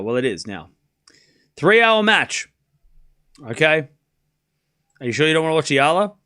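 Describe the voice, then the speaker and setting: A man's voice: on the high side, sing-song, measured pace, pauses often, bright, forceful tone. A man casually commentating a live tennis match on a stream, joking and chatting with viewers. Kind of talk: casual watchalong play-by-play.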